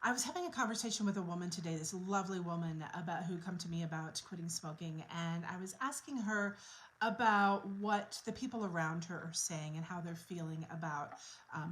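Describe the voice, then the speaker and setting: A woman's voice: fairly low pitch, fairly bright tone, a little hiss or hum, rough recording. A woman working as a quit-smoking coach, talking casually to camera in an earnest, reflective way as she thinks aloud.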